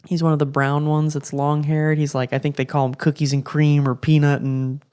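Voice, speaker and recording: A young man hosting a podcast, telling rambling stories in a relaxed, slangy way. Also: fairly high pitch, moderate pace, clear, resonant tone. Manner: laid-back, rambling, slangy with lots of "like" and "bro". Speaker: podcast host. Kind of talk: casual storytelling monologue.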